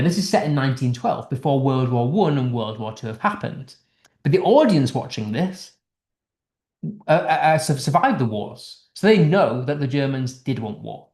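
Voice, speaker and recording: A man's voice: on the high side, darkish tone, roomy sound. A man teaching English literature in a casual online lesson, explaining a text line by line in a chatty way with restarts, from the United Kingdom.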